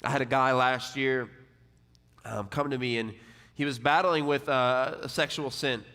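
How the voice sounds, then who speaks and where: A man's voice: fairly even intonation, unhurried. Young male college-ministry preacher, casual talky delivery with constant fillers, mid-range voice, recorded in a hall with long reverb. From Texas. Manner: casual, conversational preaching with many "like" fillers and repeated words; drops quieter and lower when voicing quoted people. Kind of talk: sermon.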